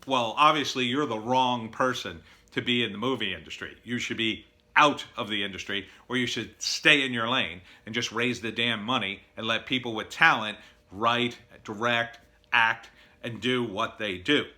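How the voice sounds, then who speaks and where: Blunt, bright-voiced man giving advice. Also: mid-range voice, normal speed. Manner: blunt, opinionated, with many fillers and acted-out quotes. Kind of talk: casual monologue.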